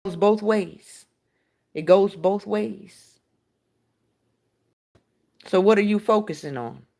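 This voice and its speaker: A woman's voice: medium pitch, slow, gravelly, dark tone. A woman hosting a casual spiritual talk, speaking frankly and with profanity while she puts rhetorical questions to her listeners. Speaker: podcast host.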